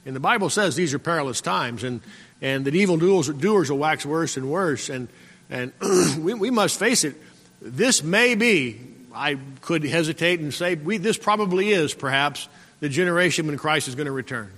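A man preaching a sermon as pastor, exhorting and repeating himself, often clearing his throat and calling out for an amen. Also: fairly high pitch, expressive, moderate pace, fairly bright tone. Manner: repetitive, exhorting, calls out "Amen?". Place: church sanctuary. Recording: long church-hall reverb.

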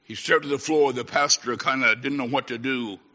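A man's voice: medium pitch, normal speed. Impassioned preacher man in echoing hall. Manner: impassioned, swings from shouted exhortation to hushed storytelling. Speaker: traveling preacher. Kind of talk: sermon. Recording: echoey hall, dull lo-fi sound.

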